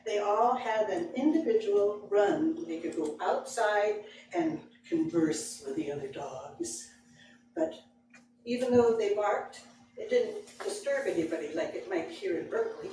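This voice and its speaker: A woman storyteller telling a personal tale to a live audience, slow and dramatic with frequent chuckles. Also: medium pitch, lively intonation, warm tone. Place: library event room with live audience. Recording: echoey hall, distant mic, background noise.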